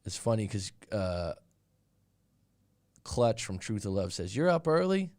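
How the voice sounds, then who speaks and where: A man's voice: fairly low pitch, very animated, measured pace, darkish tone. A middle-aged man hosting a live stream as a dating and breakup coach, talking casually and bluntly and acting out little quotes as he tells stories. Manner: candid, blunt, storytelling with quoted voices.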